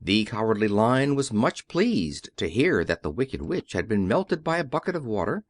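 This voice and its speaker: A man reading a classic children's story aloud as an audiobook narrator, in a measured storytelling way. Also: on the high side, dry recording. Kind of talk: scripted narration.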